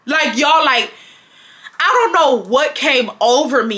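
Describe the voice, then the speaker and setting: A young woman tells a storytime vlog with a bright, forceful voice. She sits a touch above the usual pitch for a woman. Her delivery is chatty and emphatic, and she keeps throwing in "like" and "y'all". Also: expressive, measured pace. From Houston, Texas. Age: 20s. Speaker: vlogger.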